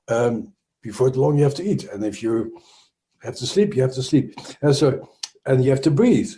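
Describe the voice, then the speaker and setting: A man's voice: medium pitch, lively intonation, a little fast, warm tone. A man with a Dutch accent, a trauma expert speaking as an interview guest, explaining thoughtfully with frequent restarts and fillers.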